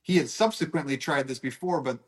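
A man's voice: medium pitch, brisk. Easygoing man on the radio. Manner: friendly, easygoing storyteller. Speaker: radio guest. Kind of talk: casual radio interview.

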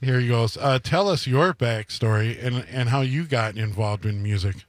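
A man's voice: medium pitch, moderate pace, no room sound. A man with a mid-range voice co-hosts a live radio interview, steering the talk with friendly questions. The studio sound is dry and close. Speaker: radio co-host.

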